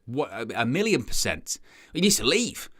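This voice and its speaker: A man hosts a fan channel stream in a casual, rambling chat, reading out viewer comments. His voice is bright and animated. He slips into little imagined voices of other fans now and then. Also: medium pitch, normal speed.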